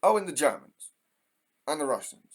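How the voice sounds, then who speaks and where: A man's voice: fairly high pitch, big pitch swings, moderate pace, husky. An English man hosting a heated, profane ranting monologue. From England. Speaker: host.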